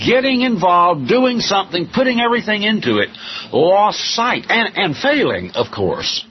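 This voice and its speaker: A man preaching a sermon slowly and emphatically, with dramatic pauses. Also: on the high side, lo-fi sound, slight background noise.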